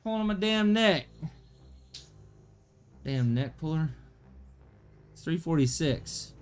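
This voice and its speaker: A woman's voice: sits low, expressive, slow. A woman streamer in casual chat who teases, swears and laughs a lot, grunting with effort as she horses around. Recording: clear music playing behind.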